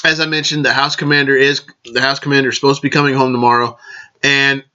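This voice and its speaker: A man's voice: mid-range voice, flat delivery, quick pace, pushed and bright, clean tone, lo-fi sound. A man hosting a casual vlog, rambling along, correcting himself and raising toasts to his listeners. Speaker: podcast host.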